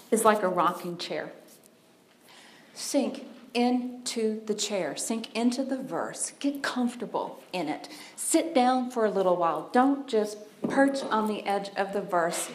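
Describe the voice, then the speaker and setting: A woman's voice: medium pitch, reverberant. A woman giving an informal Bible teaching in a conversational, homespun way, with fillers and restarts. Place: teaching room with a group.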